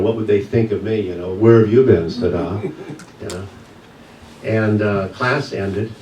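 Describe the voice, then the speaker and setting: A man who teaches yoga, giving a church message as a personal story, told with pauses and soft laughs. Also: fairly low pitch, slight background noise. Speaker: guest speaker, yoga teacher. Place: church sanctuary. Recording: echoey hall, mic from a distance.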